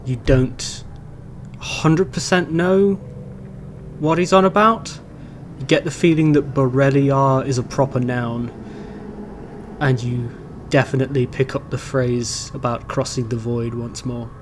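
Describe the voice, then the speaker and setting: A man narrating a tabletop fantasy game as game master, describing scenes in a measured way. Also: medium pitch, steady tone, slight background noise.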